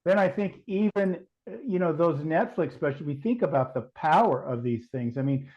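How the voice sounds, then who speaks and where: A man's voice: on the high side, expressive, normal speed, lo-fi sound. A man talking as a podcast guest, thoughtful and full of restarts and hedges. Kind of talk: casual podcast chat.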